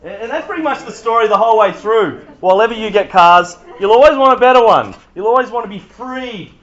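A man's voice: sits high, animated, brisk, a bit bright. A man preaching a sermon to a youth group, talking with the room in a conversational, jokey way. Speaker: youth pastor. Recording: dull lo-fi sound.

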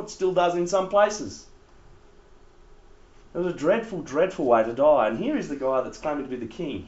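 A man giving a laughing, conversational Bible talk to young people as youth leader. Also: fairly high pitch. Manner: animated, laughing, conversational preaching. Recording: roomy, slightly dull recording.

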